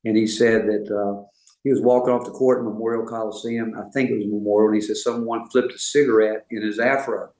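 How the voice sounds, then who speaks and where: An older man with a Southern American accent, a college basketball coach answering interview questions in a folksy, measured way. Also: fairly low pitch, steady tone, darkish tone, reverberant, low-quality recording. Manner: folksy, measured, with filler words.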